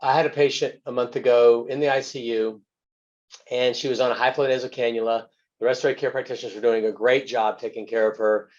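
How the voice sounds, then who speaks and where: A man's voice: mid-range voice, steady tone, quick pace, darkish tone. A man, a physician and guest author, telling a story from his work in an earnest, plain-spoken way. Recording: muffled, lo-fi webinar audio.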